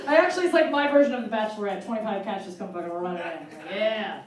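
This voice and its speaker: A woman in her forties doing a self-mocking stand-up set on a live stage, chatty and quick to laugh. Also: medium pitch, crowd noise. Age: 40s. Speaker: stand-up comedian. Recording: roomy live hall from far off.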